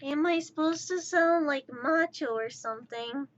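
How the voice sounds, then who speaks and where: Exasperated high-voiced thirty-year-old woman streamer. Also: measured pace, dull audio. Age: 30s. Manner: exasperated, rambling rant. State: voice slightly altered after intubation. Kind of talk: casual livestream chat.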